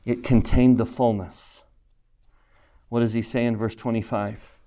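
A man's voice: medium pitch, flat delivery, unhurried, warm tone. A man teaching a scripture class, who keeps asking his students questions and repeats key phrases for emphasis. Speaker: religion teacher.

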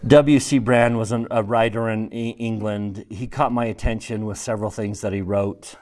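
A middle-aged man giving a speech, telling personal stories in an animated way and acting out the people he quotes. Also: on the low side, moderate pace. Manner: animated storyteller, acts out quotes, chuckles through stories. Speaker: speaker addressing an audience.

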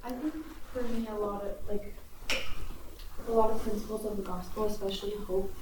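A woman student shares her thoughts hesitantly, stopping to find her words. She is heard from across an echoey classroom, with clear background noise. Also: on the high side, distant mic.

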